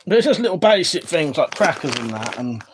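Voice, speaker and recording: Background noise accompanies a brisk, sing-song, slightly high male voice. The speaker, an Englishman, is hosting a casual livestream from a room lined with weapons, reading chat, rambling, swearing freely, and interrupting himself mid-thought.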